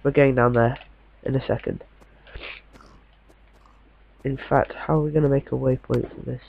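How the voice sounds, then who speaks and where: Gravelly man muttering over gameplay. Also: mid-range voice, fairly even intonation, normal speed, phone-quality sound. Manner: chatty, muttering to himself, mildly sweary. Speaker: gameplay commentator. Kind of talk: casual gameplay commentary.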